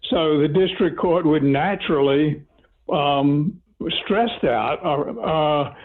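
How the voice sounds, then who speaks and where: Brief: male judge, slightly high voice, skeptical questioning over a thin phone line. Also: slow. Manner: skeptical, pushes back with fillers. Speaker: appellate judge. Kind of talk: questioning counsel in oral argument.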